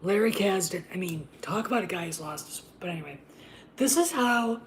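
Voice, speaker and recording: A woman host ranting in casual commentary, profane and emphatic, often dropping into a harsh whisper before surging back loud. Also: fairly low pitch, animated, fairly quick. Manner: profane, emphatic, repeats itself; drops to an unvoiced whisper and back.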